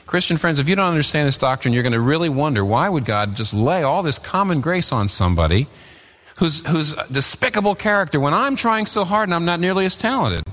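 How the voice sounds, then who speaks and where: A man preaching a sermon as pastor, earnest and emphatic, his pitch rising and falling as he presses his points. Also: animated, fairly quick, a bit bright, in a large hall.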